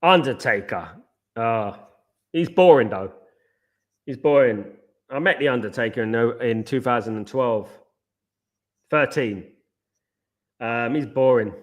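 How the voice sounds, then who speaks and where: A man hosts a live football watchalong in a mid-range voice, unhurried and full of long pauses. He chats casually and rambles, often drifting off on tangents.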